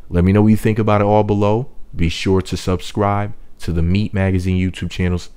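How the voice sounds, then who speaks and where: A man's voice: deep voice, flat delivery, a little fast, darkish tone, clean tone. A man hosting a celebrity gossip channel, talking in a brash, joking, rambling way with loose asides. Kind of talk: casual gossip commentary.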